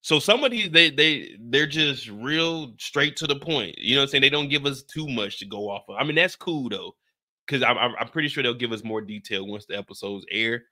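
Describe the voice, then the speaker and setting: A man's voice: medium pitch, lively intonation, fairly quick, bright, forceful tone. A man doing casual, slangy commentary on a TV show, joking around and laughing often. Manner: loose and laughing, slangy, trails off into sighs. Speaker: YouTuber breaking down a TV show.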